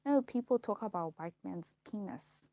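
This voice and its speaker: Gravelly-voiced woman ranting. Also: mid-range voice, expressive, normal speed, dry recording, lo-fi sound. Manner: rambling and repetitive, circling back on her words. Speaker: vlogger. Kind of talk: casual rant to camera.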